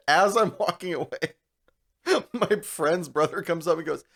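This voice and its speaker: A young man co-hosting a podcast, telling a long story in casual chat, animated and laughing as he goes. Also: a little high, measured pace, gravelly. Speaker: podcast co-host.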